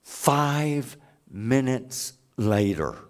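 A man's voice: mid-range voice, very animated, extremely slow. A man preaching a sermon, telling stories with emphatic, earnest delivery. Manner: emphatic storytelling.

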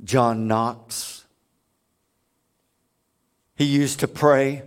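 Slow, high-voiced male preacher. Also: animated. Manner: emphatic storytelling. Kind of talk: sermon.

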